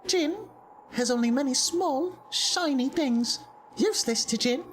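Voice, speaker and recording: A high squeaky trader creature. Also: female voice, unhurried, slight background noise. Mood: eerie, coaxing. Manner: broken grammar, refers to self in third person. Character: small greedy bug-like trader creature, odd third-person speech.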